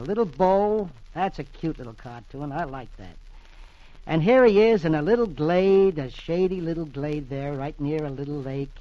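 A man's voice: a little high, a little mellow. A man hosting a 1940s-style radio reading of the comics, folksy and chatty, on a lo-fi old radio recording. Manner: folksy, chatty, acts out voices.

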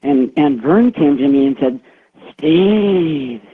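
A man's voice: mid-range voice, expressive, normal speed, slightly rough. A man calling in to a radio show, telling a secondhand eerie story in a rambling way with lots of fillers. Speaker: caller. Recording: tinny phone line on radio.

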